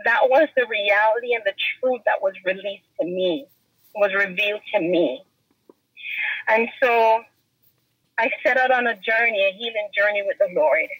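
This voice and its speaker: A woman's voice: mid-range voice, moderate pace, breathy edge, no echo. Woman telling her story in an interview, earnest and emotional, kinda dull dry audio. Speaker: podcast guest. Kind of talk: personal testimony in an interview.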